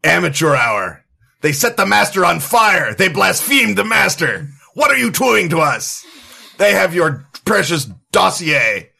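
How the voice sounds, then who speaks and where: A man's voice: high-pitched, very animated, measured pace, vocal fry, sharp tone, husky, pitched above the performer's own voice, heavily acted. A man voicing a frantic, panicked man on a recording, with a Slovak accent. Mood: frantic ranting. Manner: frantic, ranting.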